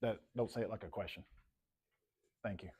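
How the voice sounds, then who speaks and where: A man's voice: lowish voice, moderate pace, warm tone, husky. Guy teaching math in a classroom, laid back, repeats stuff, calls on kids by name. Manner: casual, talks to students by name and repeats himself. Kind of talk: classroom lecture.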